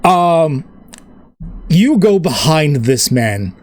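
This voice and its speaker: A man runs a tabletop game, narrating in a loose, rambling way with lots of fillers. His voice sits a little high. The sound is close and dry. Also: sing-song, drawn-out words, darkish tone, no echo. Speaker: game master.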